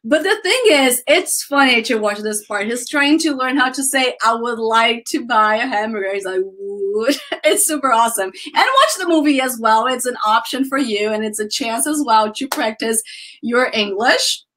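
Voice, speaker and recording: Chatty Brazilian English teacher, bright voice. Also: female voice, on the high side, animated, moderate pace. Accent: Brazilian Portuguese. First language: Portuguese. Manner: chatty, enthusiastic, addresses students as guys. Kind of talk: online grammar lesson.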